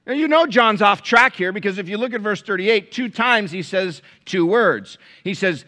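Pastor guy preaching, bright sharp voice, gets loud then goes real quiet. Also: high voice, animated, normal speed, few pauses. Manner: preaching with big swings from loud emphatic peaks to hushed tones. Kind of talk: sermon. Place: large church with balcony, live congregation.

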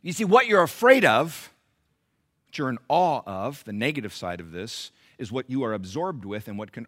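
A man preaching a sermon in a church, animated, swinging from loud emphasis to quiet asides. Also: mid-range voice, normal speed. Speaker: pastor.

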